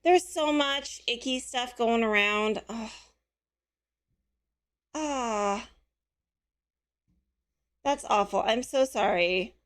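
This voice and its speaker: A woman hosting a casual live stream, chatting with viewers and answering their messages, her voice a little hoarse. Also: a little high, extremely slow, pauses often. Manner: chatty, friendly, answers chat messages aloud. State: slightly hoarse.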